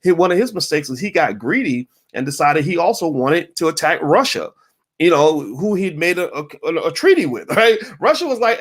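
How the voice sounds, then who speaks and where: A man hosting a casual livestream, answering viewer questions in an emphatic, animated way with mocking asides. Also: on the high side, normal speed.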